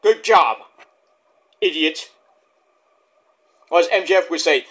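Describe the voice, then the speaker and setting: A man's voice: sits high, very animated, moderate pace, long pauses, fairly bright tone. A man reviewing a wrestling show in a heated, profane, rambling rant.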